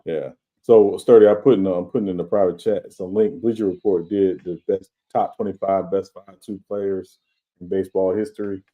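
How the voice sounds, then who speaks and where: A man co-hosting a sports podcast, explaining baseball in a measured, casual way. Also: low-pitched, fairly even intonation, mellow. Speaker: podcast co-host.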